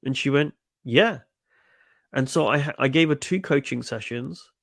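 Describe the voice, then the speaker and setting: Speaking a little fast, this middle-aged male coach has a creaky, medium-pitched voice with no room sound. In his webinar interview answers he tells stories, repeats words often, and performs quoted lines.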